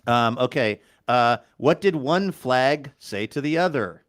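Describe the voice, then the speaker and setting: A man's voice: mid-range voice, expressive, a little slow, slight background noise. A man hosting a podcast in casual chat. He jokes, rambles, and cuts himself off mid-sentence. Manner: joking, rambling, self-interrupting. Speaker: podcast host.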